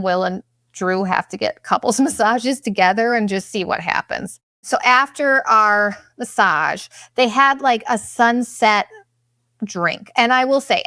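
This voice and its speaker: A young woman hosting a podcast tells a vacation story as a casual monologue, bluntly and profanely, animatedly acting out what people said through quoted asides. Her voice sits at medium pitch, and the recording is dry with clean studio sound.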